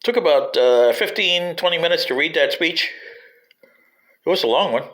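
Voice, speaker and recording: Man, rambling history commentary, wry asides, somewhat high voice, very lively pitch. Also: normal speed, rough recording. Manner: digressive and wry, addressing politicians directly.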